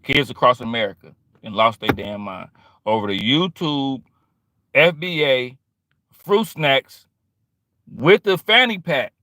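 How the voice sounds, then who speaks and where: A middle-aged man streaming a casual monologue, slangy and animated, acting out quoted exchanges. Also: mid-range voice, measured pace, pauses often.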